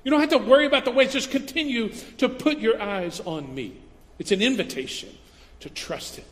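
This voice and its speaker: A man's voice: very high-pitched, a little fast, in a large hall. A man preaching a sermon as a pastor, in a casual, conversational way, acting out little quoted voices as he goes.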